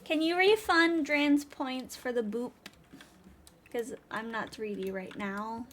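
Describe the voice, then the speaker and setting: A woman's voice: fairly high pitch, slow pace, slight background noise. A young woman hosting a casual livestream from home on a desk microphone, chatty and giggly as she answers her chat. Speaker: livestream host.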